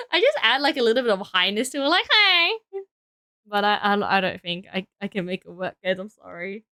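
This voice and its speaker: A woman's voice: mid-range voice, fast, hardly any pauses, a bit bright, dry recording, studio quality. A woman streaming, chatting casually and giggling as she builds and talks to her viewers, tired and trailing off into self-talk. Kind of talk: casual live-stream chat while building.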